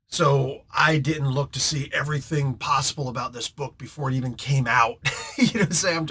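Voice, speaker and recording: A man hosting a casual comic book review, chatty and excitable, rambling between thoughts. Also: medium pitch, slightly rough.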